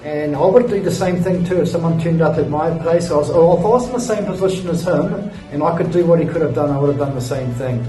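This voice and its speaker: A man's voice: on the high side, fast, hardly any pauses, warm tone. A young man, tired after a long ride, telling a rambling travel story with lots of fillers and sighs in a hotel room. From New Zealand. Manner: laid-back, rambling, many fillers and sighs. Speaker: travel vlogger. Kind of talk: casual storytelling to camera. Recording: roomy, distant mic, faint music.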